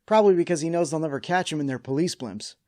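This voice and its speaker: A man's voice: fairly high pitch, fast, dark tone. A man hosting a scripted cartoon episode recap, with wry, sarcastic asides. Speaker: host.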